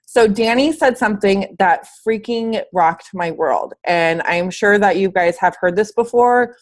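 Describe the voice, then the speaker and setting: A woman fitness coach talks to her team over a call from bed at home. She is sick and a little wheezy, but she stays upbeat and emphatic, leaning on casual slang. Her voice sits at a middle pitch for a woman. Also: unhurried. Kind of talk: casual motivational talk.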